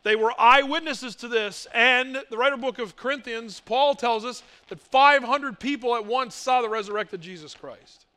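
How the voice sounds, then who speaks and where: Guy preaching a sermon, really high voice, punchy rhetorical questions. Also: moderate pace, hardly any pauses, sharp tone. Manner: emphatic, rhetorical questions, mock voices for doubters. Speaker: pastor.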